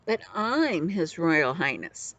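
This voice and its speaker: A woman's voice: fairly low pitch, very animated, slow pace, fairly bright tone, no echo, highs cut off, full character voice. A woman voicing a spoiled, haughty boy prince in a storybook reading, whining and giving orders. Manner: whiny and imperious.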